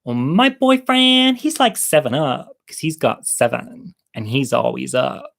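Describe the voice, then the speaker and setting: A man voicing a young woman bragging about her boyfriend, in a drawn-out sassy way. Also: mid-range voice, lively intonation, gravelly, fairly bright tone. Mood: smug.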